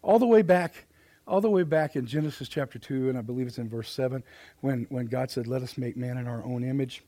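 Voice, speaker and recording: A middle-aged man preaching a sermon in a church, folksy and plain-spoken, swinging from loud emphatic lines to hushed quiet asides. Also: medium pitch, fairly quick. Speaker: pastor. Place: church sanctuary.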